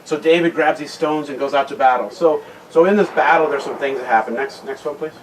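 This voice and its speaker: A man giving a conversational talk at a men's retreat, retelling a Bible story with many restarted phrases and a quieter voice for serious points. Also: a little high, a little fast. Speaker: guest speaker at a men's retreat. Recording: distant mic with loud background noise.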